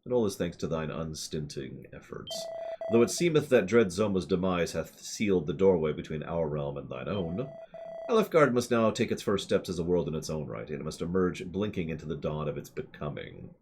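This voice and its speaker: A man's voice: deep voice, background noise. A man voicing a pompous old king who gives a stately speech in archaic language with a put-on accent.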